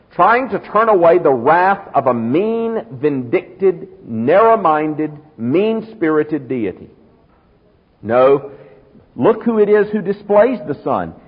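Heard through muffled audio and long hall reverb, a husky pastor whose voice runs on the high side delivers a forceful sermon. He stretches key words and rushes through his asides.

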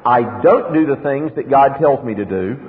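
A man's voice: medium pitch, expressive, normal speed. A male pastor preaching an expository sermon, asking rhetorical questions and acting out little dialogues. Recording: tinny lo-fi sermon recording in a reverberant hall.

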